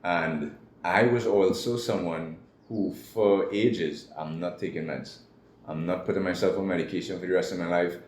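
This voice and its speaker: Deep-voiced man telling a candid story. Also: steady tone, normal speed, darkish tone. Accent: Trinidadian. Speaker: guest. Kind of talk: personal story in an interview. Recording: echoey room with faint noise.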